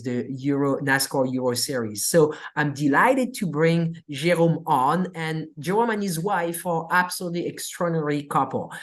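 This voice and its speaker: A woman hosting an event, introducing a guest with praise and frequent restarts. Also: on the low side. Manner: warm praise with fillers and restarts. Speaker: event host.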